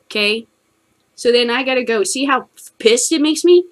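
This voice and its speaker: A woman's voice: on the high side, animated. An American woman hosting a cannabis news show, ranting angrily about the news with heavy cursing. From United States. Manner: angry, heavy cursing, fast bursts. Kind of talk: profane ranting commentary.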